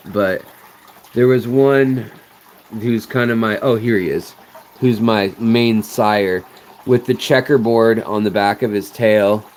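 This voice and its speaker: A man's voice: lowish voice, slight background noise. A man hosting a live stream, answering viewers in a rambling, explanatory way with many fillers. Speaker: aquarium channel host.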